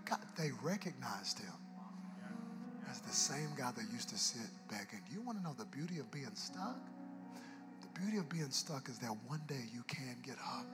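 A man preaching a sermon to a live congregation, dropping to hushed whispers and then rising to shouted, half-sung exhortation, sometimes acting out people in comic voices. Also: mid-range voice, big pitch swings, normal speed, long reverb tail. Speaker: guest preacher. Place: church service with live congregation. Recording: music playing under the sermon.

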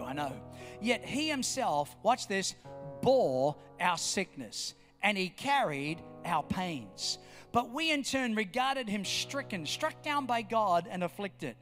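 A man's voice: high voice, big pitch swings, slow pace, a bit bright. A man preaching a sermon, emphatic and repetitive, firing questions at his congregation. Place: church hall. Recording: long hall reverb, faint music.

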